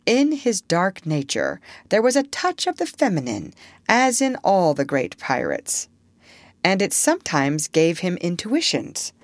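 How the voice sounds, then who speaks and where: A woman narrating a storybook in an expressive, measured reading. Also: lowish voice, dry recording.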